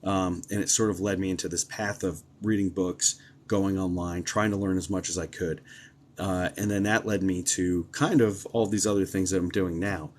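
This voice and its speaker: Low-voiced man chatting on a live stream. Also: moderate pace, a little hiss or hum. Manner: chatty, relaxed, many ums and uhs. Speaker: psychic medium hosting a live stream. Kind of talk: casual live-stream chat and storytelling.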